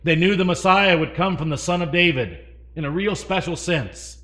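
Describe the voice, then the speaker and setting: Guy preaching, high bright voice, gets loud then goes soft, asks the crowd stuff. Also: normal speed. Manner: dynamic, swinging between loud emphasis and hushed asides; asks the congregation questions. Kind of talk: sermon.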